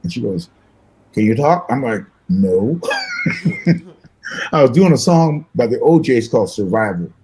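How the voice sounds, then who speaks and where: An older man, a musician guest on a podcast, telling anecdotes quickly and animatedly, acting out other people's lines and laughing often. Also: mid-range voice, a little hiss or hum, rough recording. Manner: fast-talking, animated, laughs often, acts out voices in anecdotes. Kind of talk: casual storytelling interview.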